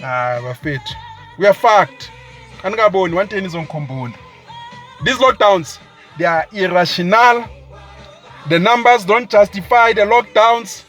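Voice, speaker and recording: A South African man with a notably high voice rants with scorn and heat, switching between English and isiZulu. Faint music plays softly underneath his talk. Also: lively intonation, moderate pace, long pauses. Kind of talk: political rant to camera.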